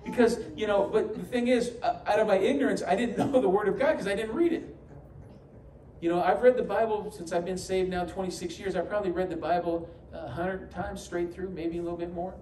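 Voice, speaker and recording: Man preaching, high voice, humorous storytelling, roomy church echo, mic at a distance. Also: steady tone, fairly quick, mellow, a little hiss or hum. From New York. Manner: storytelling, humorous asides, acts out quoted voices. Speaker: pastor. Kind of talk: sermon. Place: church sanctuary. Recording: echoey church hall, mic from a distance, faint ambience.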